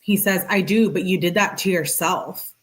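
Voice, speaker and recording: A woman's voice: lowish voice, moderate pace. A woman reading text messages aloud and reacting to them in a casual, slangy way with sarcastic asides. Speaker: true-crime commentator.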